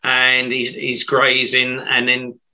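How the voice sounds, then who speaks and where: A man chatting about a film, sentimental, calling himself a big softie. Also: medium pitch, monotone, takes it slowly, highs cut off. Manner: sentimental, self-described softie. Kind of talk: casual film discussion.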